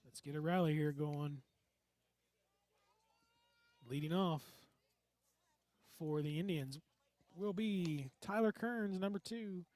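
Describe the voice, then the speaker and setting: Male play-by-play caller, local radio baseball, slightly high voice, dry close sound, folksy and easygoing. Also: slow pace, pauses often, dry recording. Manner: folksy, relaxed banter between pitches. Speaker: play-by-play announcer.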